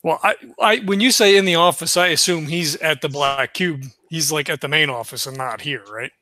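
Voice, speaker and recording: A man playing a tabletop role-playing game, talking quickly with stammering restarts. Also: on the high side, sharp tone, dry recording. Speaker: player. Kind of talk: casual tabletop play.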